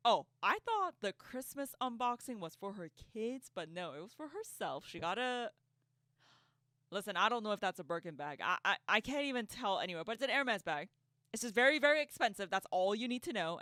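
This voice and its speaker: Woman, casual commentary, sarcastic, laughs a lot, lively pitch, dry close sound. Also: no room sound. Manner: sarcastic, laughs often, repeats words when flustered. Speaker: online commentator.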